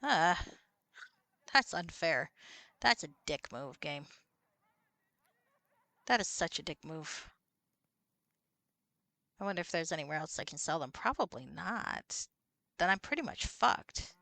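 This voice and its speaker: A woman's voice: sits low, very animated, unhurried, vocal fry, pauses often, sharp tone, no room sound. A woman streaming a computer role-playing game, chatting casually, swearing and reading out the characters' lines. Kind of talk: casual let's-play chat with read-aloud dialogue.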